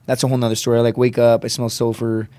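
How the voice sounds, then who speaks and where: A man's voice: mid-range voice, completely flat delivery, very fast, dark tone. A man on a podcast, telling a personal story in casual talk, swearing freely and acting out the people he quotes. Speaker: podcast guest, comedian and Marine veteran.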